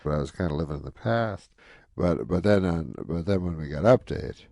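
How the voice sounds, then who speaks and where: A man guest on a radio show, telling rambling deadpan anecdotes with plenty of "you know". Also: low voice, moderate pace, gravelly, dry recording, studio quality. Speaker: comedian guest. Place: radio studio.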